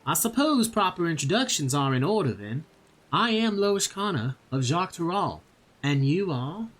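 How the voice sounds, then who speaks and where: A man's voice: fairly high pitch, very animated, moderate pace, fairly bright tone, pitched above the performer's own voice. A man voicing a shy young woman from a remote village with a put-on Southern accent, earnest and polite. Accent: put-on American Southern. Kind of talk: reading game dialogue aloud.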